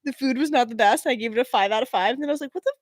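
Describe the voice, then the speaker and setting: A woman's voice: on the high side, racing, no echo, clean studio sound. A young woman co-hosting a podcast in casual chat, teasing and laughing often. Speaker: podcast co-host.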